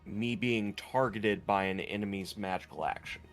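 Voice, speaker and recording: A man's voice: lowish voice, moderate pace, faint music behind. A man playing in a tabletop game, checking the rules with questions. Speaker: player.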